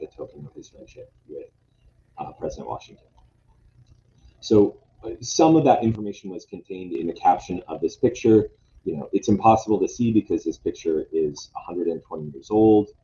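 A man's voice: sits low, warm tone. A man presenting lodge history in a casual talk, hesitant and full of fillers and restarts. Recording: dull lo-fi sound, faint noise.

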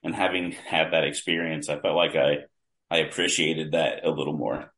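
A man's voice: extremely low pitch, steady tone, normal speed, fairly bright tone. A man, a guest on a podcast, telling detailed stories in a casual way, often restarting his sentences. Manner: vivid, detailed anecdotes with many restarts. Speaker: podcast guest, longtime wrestling fan. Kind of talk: casual storytelling.

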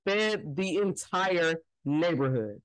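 A podcast co-host in casual chat, telling stories with heavy emphasis and plenty of swearing. The voice sits at a middling pitch and is recorded dry and close, with almost no room sound. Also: expressive, slow, fairly bright tone, clean tone, dry recording, poor audio. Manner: emphatic, profane storytelling.

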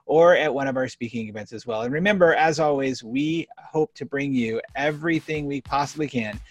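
Energetic male podcast host. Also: medium pitch, a little fast, dry recording. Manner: energetic, animated storytelling. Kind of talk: conversational podcast interview.

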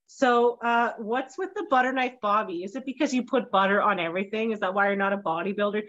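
A woman's voice: medium pitch, fairly even intonation, a little fast, hardly any pauses, fairly bright tone, dull audio. A woman hosting a podcast, chatting casually in a playful, joking way and laughing often. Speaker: podcast host.

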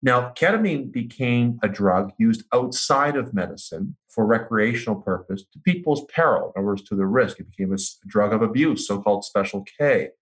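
Male expert guest, lowish voice, measured and explanatory. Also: expressive, fairly bright tone. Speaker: psychiatrist guest. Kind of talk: interview explanation.

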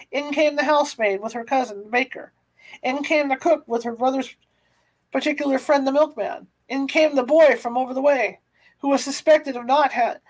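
A woman's voice: sits high, a little mellow, poor audio. A woman narrating a classic novel aloud, sometimes stumbling and restarting words. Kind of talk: audiobook reading of a classic novel.

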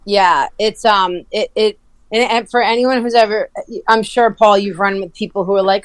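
A woman's voice: medium pitch, normal speed, clear, resonant tone, no echo. A woman in casual chat, telling a running story with lots of swearing and laughter. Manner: animated storyteller, swears freely, laughs often. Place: lives near Providence.

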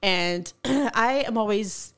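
A middle-aged woman, a mother, in casual chat, telling lively anecdotes with dry humor. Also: mid-range voice, slow, smooth.

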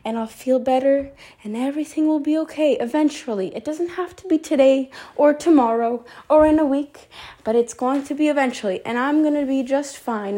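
A woman's voice: high voice, dark tone. A woman recording a rambling, heartfelt voice memo, upset and talking straight to the listener, correcting herself as she goes. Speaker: voice memo host. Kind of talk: personal confessional monologue.

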